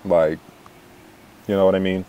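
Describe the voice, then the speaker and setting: Low-voiced young man gossiping casually. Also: little pitch movement, normal speed, clean tone, highs cut off. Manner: chatty and catty, lots of "like" fillers, laughs often. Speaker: reality TV recap vlogger.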